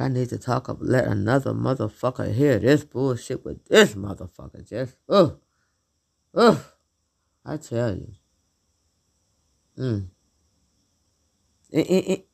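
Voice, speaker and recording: Gravelly-voiced middle-aged woman venting. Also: deep voice. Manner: blunt, repetitive, exasperated. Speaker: vlogger. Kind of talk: profane venting monologue.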